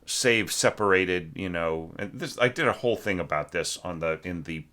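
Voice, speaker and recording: A man's voice: low voice, normal speed, bright, forceful tone. A man giving a loose, rambling spoken critique of a student's orchestration, full of fillers and sung musical figures. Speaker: orchestration teacher.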